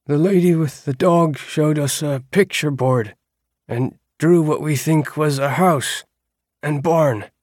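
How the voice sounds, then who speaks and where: A man's voice: on the high side, takes it slowly, a little mellow, no echo, studio quality, voice pushed up. A man voicing a tired, heartsore young peasant who speaks in formal, old-fashioned words. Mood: earnest. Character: weary cursed young peasant man, timid and polite.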